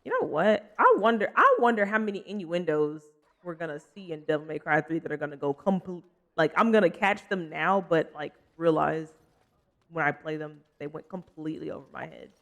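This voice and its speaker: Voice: mid-range voice, expressive, a little fast, gravelly, a bit bright, highs cut off. A young adult streamer talking through a gameplay session in a loose, chatty way. They drift from topic to topic, laugh easily and stop to answer chat. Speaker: livestreamer. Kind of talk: casual gameplay commentary.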